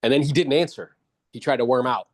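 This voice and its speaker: A blunt male sales coach giving feedback at a quick clip. He talks casually and calls the listener bro. His voice sits at an ordinary middle pitch. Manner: briefly mimics others in exaggerated voices. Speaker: real estate sales coach. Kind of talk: coaching feedback after a role-play.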